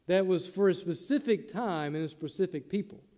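High-voiced man preaching in a reverberant hall. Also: normal speed, mellow. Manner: conversational preaching, acts out quoted lines. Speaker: pastor. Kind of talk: sermon.

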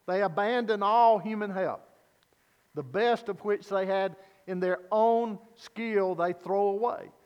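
A man preaching a sermon as pastor, earnest and deliberate, posing rhetorical questions to his congregation. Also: high voice, a little mellow, smooth, big-room sound, highs cut off.

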